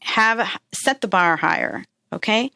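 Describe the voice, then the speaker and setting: A woman's voice: mid-range voice, lively intonation, a little slow, sharp tone, no echo, studio quality. A woman hosting a podcast, giving earnest, encouraging self-help advice in a casual way and often checking in with "right?" and "okay?". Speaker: podcast host. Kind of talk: motivational self-help talk.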